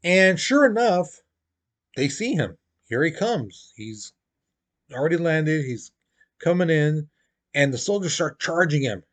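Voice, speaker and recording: A man's voice: a little high, expressive, unhurried, long pauses. A man teaching a history lesson in a casual, chatty way, full of "you know" and "basically", acting out quotes in playful voices.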